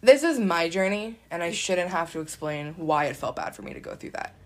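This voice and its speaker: Young woman co-host, casual and tearful, laughs through crying, lively pitch. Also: a little fast. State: crying at times. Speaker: podcast co-host. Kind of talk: emotional casual chat.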